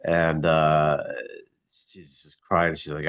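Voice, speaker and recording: A middle-aged man in a casual group chat, grieving and somber, talking haltingly with many restarts. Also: sits low, steady tone, lo-fi sound. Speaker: mastermind group member.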